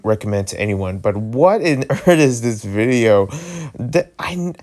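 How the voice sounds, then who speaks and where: A YouTuber with a New Jersey accent rambles casually in a vlog from a hotel room, frequently restarting and cracking jokes. His voice sits on the low side with a darkish tone.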